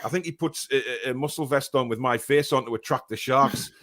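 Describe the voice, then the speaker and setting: A man hosts a casual live-stream fan show, reading viewer messages aloud. He talks in a relaxed, rambling way, full of filler sounds. The sound is dry and close. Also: mid-range voice, a little fast, no room sound. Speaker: fan podcast host.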